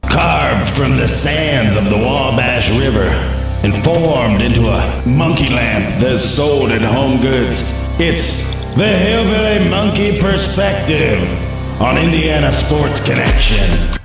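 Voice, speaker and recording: A gravelly, slow mock-epic announcer, voiced by a man, booming from a distance. His words ring in a cavernous echo over loud music. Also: lively intonation. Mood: grandiose. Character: booming mock-grand male show announcer. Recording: heavily echoed, distant, loud music behind.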